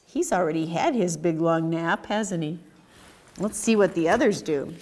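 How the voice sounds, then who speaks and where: At a children's story time in a community library, a woman with a fairly low voice reads a picture book at a moderate pace. Her delivery is animated and sing-song, and she pauses to ask the kids questions.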